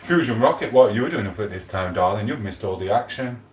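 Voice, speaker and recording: Male streamer, casual rambling chat with viewers, low-pitched, echoey home room. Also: animated, fast talker, a little hiss or hum. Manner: chatty, greets viewers by name, rambling. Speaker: livestream host.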